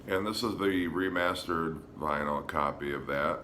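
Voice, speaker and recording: A man casually showing his record collection on a vlog, relaxed and hesitant, with frequent ums. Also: rumbling low, measured pace, slight background noise. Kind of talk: casual show-and-tell vlog.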